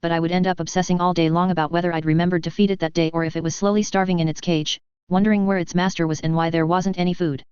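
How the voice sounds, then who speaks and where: Young boy, sharp and prickly, voiced by a woman, lowish clear voice, dry dull recording. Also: little pitch movement, quick pace, hardly any pauses, dry recording, lightly acted. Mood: earnest. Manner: argumentative, lecturing, rising to shouting fury. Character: an eleven-year-old boy, clever and proud, quick to anger.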